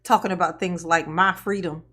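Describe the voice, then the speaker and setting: A woman's voice: lowish voice, steady tone, moderate pace, a bit bright. A woman giving casual live-stream reaction commentary, sarcastic and mocking, often laughing.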